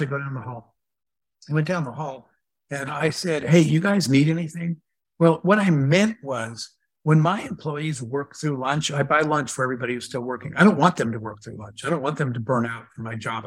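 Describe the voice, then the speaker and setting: Animated man telling a business story. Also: mid-range voice, dry recording. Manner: animated storyteller, acts out quoted dialogue. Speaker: entrepreneur and guest speaker. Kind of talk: storytelling in a live Q&A.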